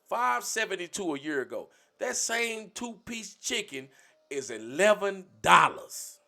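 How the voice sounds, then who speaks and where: Gravelly, high-pitched man ranting on a livestream. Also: pushed and bright. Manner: blunt, profane, preachy. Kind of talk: livestream rant.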